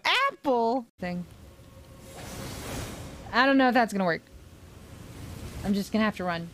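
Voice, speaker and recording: A young woman streamer giving casual gameplay commentary, excitable and swearing often. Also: on the high side, a little slow, noisy background. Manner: excitable, swearing, shrieks and laughs.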